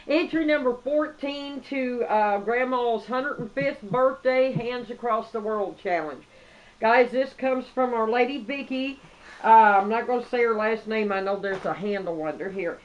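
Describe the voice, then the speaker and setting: A woman's voice: mid-range voice, lo-fi sound. A woman chatting to viewers as she opens a craft gift, gushing and effusive. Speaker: craft vlogger. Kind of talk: casual chat.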